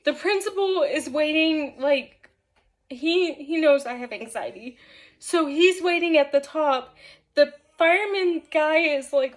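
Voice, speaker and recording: Brief: woman vlogger with a high voice, casual storytime, rambling, lots of "like". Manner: rambling, filler-heavy with frequent "like"; animated, laughs often while telling.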